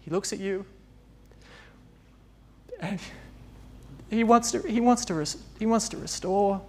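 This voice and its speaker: A male preacher, speaking in a loose, chatty sermon style. His voice sits a little high for a man and has a gravelly, creaky edge. He breaks into laughs and acts out small dialogues as he talks. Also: measured pace, dark tone, slight background noise. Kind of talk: informal conversational sermon.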